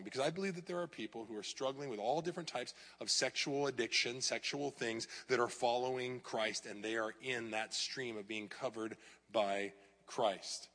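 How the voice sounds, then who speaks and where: A middle-aged male pastor at medium pitch gives an animated sermon in a church hall, with a long reverb tail behind his voice. Now and then he raises his voice to mock clickbait headlines.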